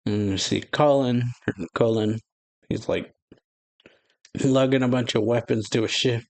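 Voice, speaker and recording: A man's voice: medium pitch, moderate pace, vocal fry, rough recording. Man casually reading manga aloud. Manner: relaxed, paraphrasing and stumbling over names. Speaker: anime reaction channel host.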